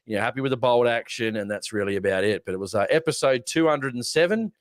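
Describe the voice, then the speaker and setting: A man's voice: mid-range voice, expressive, quick pace, no room sound, studio quality. An Australian man hosting a casual live-stream chat, rambling with lots of fillers and restarts, swearing now and then. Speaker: podcast host.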